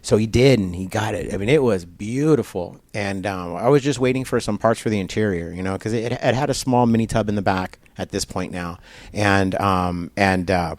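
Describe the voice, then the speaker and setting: Man, low voice, interview guest, animated storyteller, filler-heavy, dry close sound. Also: normal speed, no echo. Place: barber shop.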